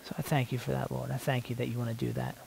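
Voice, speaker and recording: A man praying aloud in spontaneous prayer, soft and halting, repeating words as he searches, sometimes dropping to a hushed near-whisper. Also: mid-range voice, little pitch movement, vocal fry, a little hiss or hum, poor audio. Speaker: worship leader praying aloud.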